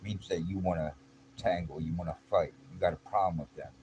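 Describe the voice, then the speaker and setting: A man's voice: low voice, fairly even intonation, a little fast, darkish tone, rough recording. A middle-aged man telling a personal story in a blunt, streetwise, casual way, full of slang and restarts. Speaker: vlogger. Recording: clear background noise.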